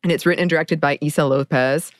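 A woman's voice: low voice, steady tone, fast, dry recording, clean studio sound. A woman co-hosting a podcast, chatting casually about a horror film and laughing often. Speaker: podcast co-host.

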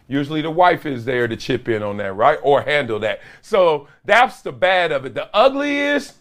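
A middle-aged man hosting a sports talk show, telling stories in a casual, animated, slangy way. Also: a little high, normal speed, few pauses. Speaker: podcast host.

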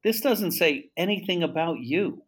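A man's voice: on the high side, expressive, normal speed, breathy edge, voice pushed up. A frank, plain-spoken graphic artist, as a man retells him in a story. He gives blunt verdicts in a slightly raised, matter-of-fact voice.

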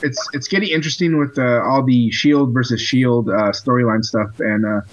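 A man hosting a casual chat podcast, halting and filled with pauses as he talks. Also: medium pitch, fairly even intonation, dull audio. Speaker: podcast host. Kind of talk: casual chat about TV episodes.

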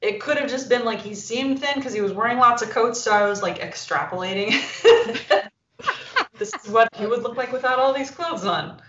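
A woman in her forties chats casually on a podcast, spinning an animated story and playing the voices of the people in it. She sounds a little far from the mic, in a roomy space. The recording is dull and lo-fi. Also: on the high side, moderate pace, slight background noise. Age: 40s. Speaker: podcast co-host.

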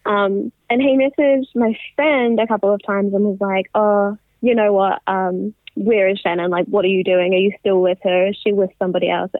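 A woman's voice: mid-range voice, fairly even intonation, fairly quick, few pauses, dry recording. A young woman telling a personal story in a casual interview, chatty, laughing often and quoting others as she goes. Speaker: interview guest. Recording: tinny phone-line audio.

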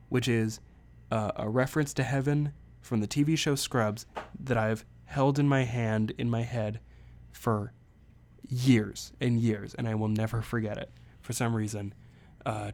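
A man's voice: mid-range voice, a little mellow. A man hosting a podcast, reviewing a movie in a chatty, rambling solo talk with playful asides. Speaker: podcast host. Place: saw movie at Temple theater.

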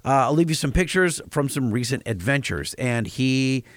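A man co-hosts a chatty podcast, reading listener emails aloud and stumbling through lots of fillers and restarts. His pitch moves around a lot. The recording is close and dry. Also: expressive, no room sound. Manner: halting, many fillers and restarts. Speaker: podcast co-host.

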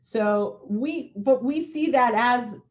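A woman's voice: on the high side, slow pace. A woman co-hosting a podcast, affirming and enthusiastic as she responds to her guest. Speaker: podcast co-host. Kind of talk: interview hosting.

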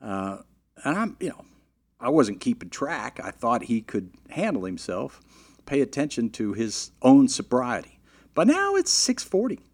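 Man, middle-aged, mid-pitched, casual storyteller, animated, lots of fillers. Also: unhurried. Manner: animated, with restarts and "you know" fillers. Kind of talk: casual anecdote telling.

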